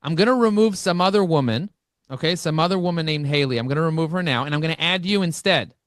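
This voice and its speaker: A man speaking as an interview guest, telling energetic stories and acting out both sides of conversations. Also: a little high, fast, dry recording, studio quality. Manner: animated, acts out dialogue with shifting voices. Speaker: podcast guest, marketing expert.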